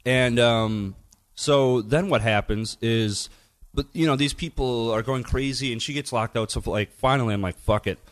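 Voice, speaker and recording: A man's voice: medium pitch, normal speed. Middle-aged guy ranting thru a story, cussing a lot, doing everyone's lines. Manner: profane, animated, acts out quoted dialogue. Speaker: podcast guest, DJ. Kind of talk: casual storytelling chat.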